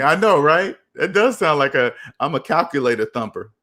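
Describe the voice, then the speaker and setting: A young man talks casually with his viewers, animated and repetitive in a preachy way. His voice sits somewhat high for a man. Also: normal speed, hardly any pauses. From United States. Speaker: finance channel host. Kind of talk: casual live chat.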